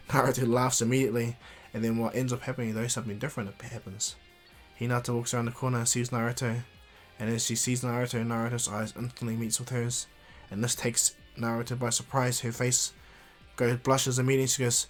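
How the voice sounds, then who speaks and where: A man's voice: mid-range voice, little pitch movement, brisk, soft background music. Man rambling through a fan story. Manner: rambling, with fillers and restarts. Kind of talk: casual improvised story narration.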